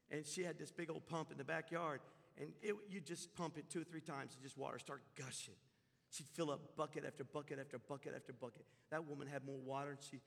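Casting: male pastor, middle-aged, high gravelly voice, sermon in a reverberant church hall. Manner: impassioned, storytelling, swells loud at peaks. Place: church sanctuary.

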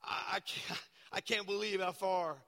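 A man's voice: high-pitched, fairly even intonation, measured pace, bright, forceful tone, in a large hall, heavily acted. A preacher voicing a despairing young man. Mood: dismayed. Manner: disbelieving, repeating himself. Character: young man in despair, realizing his ruin.

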